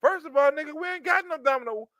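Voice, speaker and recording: Profane, high-voiced comic ranter. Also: male voice, fast, dry recording, lo-fi sound. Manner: profane, animated storytelling with mock outrage. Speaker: commentator. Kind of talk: comedic reaction rant.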